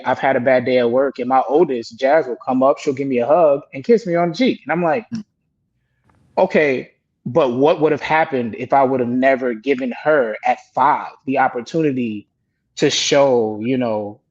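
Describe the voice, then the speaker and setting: Earnest dad on a panel, lo-fi sound. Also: male voice, medium pitch. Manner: earnest, reflective, quotes himself talking to his kids. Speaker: panelist, father of two girls. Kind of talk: candid panel discussion. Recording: dull lo-fi sound.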